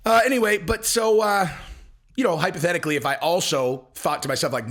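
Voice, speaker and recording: A man's voice: high voice, fairly quick, a bit bright. A man ranting casually to camera as an online commentator, rambling and crude, often cutting himself off mid-sentence. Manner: rambling, crude, self-interrupting. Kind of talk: casual video rant.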